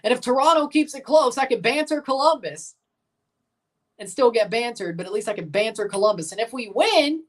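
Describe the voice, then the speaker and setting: A woman's voice: fairly high pitch, animated, moderate pace, recorded from a distance. A woman streamer gives live reactions over a soccer match. She teases her viewers with loose, profane banter and slips into little sing-song chants between calls of the minute. Her talk is unscripted, like a fan on the couch. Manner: banters with viewers, swears, chants and sings along. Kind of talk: live watchalong commentary.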